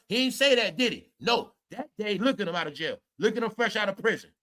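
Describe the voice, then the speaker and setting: Brash high-voiced man ranting. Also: lively intonation, fairly quick, few pauses, bright, forceful tone. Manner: brash, mocking, repeats "y'all" and "bro". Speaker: commentary streamer. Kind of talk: ranting commentary.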